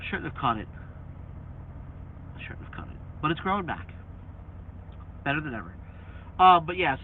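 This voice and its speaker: A man vlogging about his truck in a casual, profane rant, swearing freely and mocking his critics. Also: on the high side. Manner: swears freely, mocks critics with sing-song voices. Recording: tinny phone-like audio with faint hiss.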